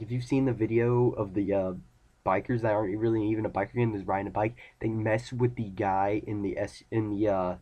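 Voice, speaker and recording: Speaking to camera, a teenage boy vents in a rambling, irritated way, recounting dialogue from chats with friends. His male voice is fairly low and slightly mellow.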